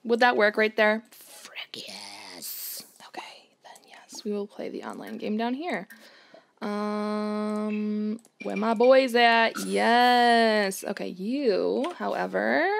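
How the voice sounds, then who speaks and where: A woman's voice: mid-range voice, lively intonation, slow, creaky, a little hiss or hum. A woman hosting a casual let's-play, chatting playfully as she plays and tossing out mock-outraged exclamations. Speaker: gaming channel host.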